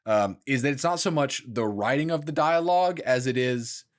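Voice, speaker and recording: A man's voice: medium pitch, moderate pace. Dry, teasing man on a gaming podcast. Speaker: podcast co-host. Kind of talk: casual gaming podcast chat.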